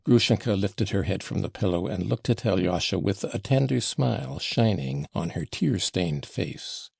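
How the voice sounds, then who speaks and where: A man narrating a classic novel for an audiobook in a measured, unhurried storytelling manner. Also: deep voice, expressive, creaky, a little mellow, breathy edge, dry recording, clean studio sound.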